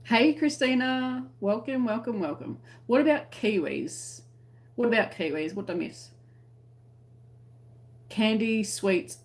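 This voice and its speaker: A woman's voice: a little high, a little slow, pauses often. An Australian woman hosting a casual crochet livestream, chatting to viewers and giggling as she explains slang. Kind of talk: casual livestream chat reading comments.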